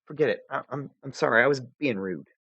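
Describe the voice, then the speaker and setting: A man voicing a gentle, earnest young human girl. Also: medium pitch, brisk, slightly rough, dry recording, highs cut off, voice pushed up. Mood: soothing.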